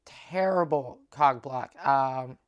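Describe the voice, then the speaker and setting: A woman comedian talking casually on her own podcast, swearing freely and acting out what people said in quick bursts. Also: extremely low pitch, dull audio. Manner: animated, swears, acts out dialogue in quotes. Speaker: stand-up comedian. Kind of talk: casual solo podcast storytelling.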